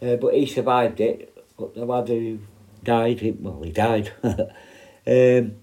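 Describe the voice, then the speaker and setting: A man recalls his years as a prison officer in loose, rambling talk, swearing freely as he goes. His voice sits at an ordinary middle pitch with a dark, mellow tone. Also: takes it slowly. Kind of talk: casual spoken storytelling.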